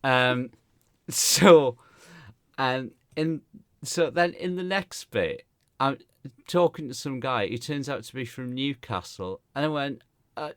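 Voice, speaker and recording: In a slow, clean-toned, mid-range voice, a stand-up comedian from Gateshead, northeast England, tells a gig story on the podcast he co-hosts. Laughing often, he brings the story to life by acting out the people he quotes, all captured in clean studio sound with no room sound.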